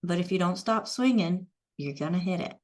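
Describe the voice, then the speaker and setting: A woman's voice: fairly low pitch, animated, moderate pace. A woman hosting an online show, upbeat, reading out viewer comments. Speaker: host.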